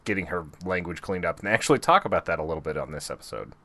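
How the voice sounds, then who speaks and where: Very low-voiced laid-back co-host man. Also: animated, rapid-fire, creaky, a bit bright, dry recording. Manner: laid-back, chuckles often. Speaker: podcast co-host. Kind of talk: casual TV recap chat.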